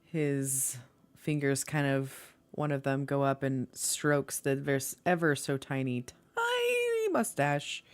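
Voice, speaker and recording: Low-voiced woman narrating her game character. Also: flat delivery, slow pace, clean tone, no room sound. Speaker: tabletop game player. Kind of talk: describing character actions in a tabletop game.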